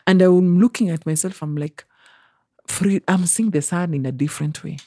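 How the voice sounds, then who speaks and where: A young Kenyan woman recounting a personal story in an interview, animated and acting out other people's voices, slipping into Swahili phrases. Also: fairly low pitch, moderate pace, no echo, clean studio sound. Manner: animated, acts out quoted voices, mixes in Swahili. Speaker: interview guest.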